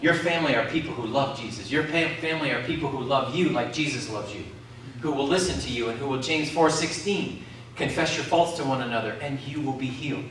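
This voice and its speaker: Preacher in an echoey hall, from afar. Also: male voice, mid-range voice, brisk, fairly bright tone, distant mic, a little hiss or hum. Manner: calls out questions to the congregation. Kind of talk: sermon. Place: community centre hall.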